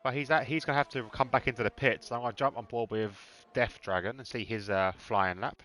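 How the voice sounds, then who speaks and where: Bright-voiced Cockney man commentating. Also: mid-range voice, fast talker. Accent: Cockney with a slight Birmingham twang. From East London. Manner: chatty, laughs often, mimics accents. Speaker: race commentator. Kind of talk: casual live sim-racing commentary.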